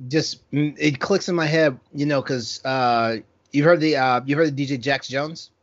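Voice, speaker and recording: A man's voice: on the high side, moderate pace, no room sound, highs cut off. A man chatting casually, hesitant and full of restarts, laughing easily. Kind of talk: casual podcast chat.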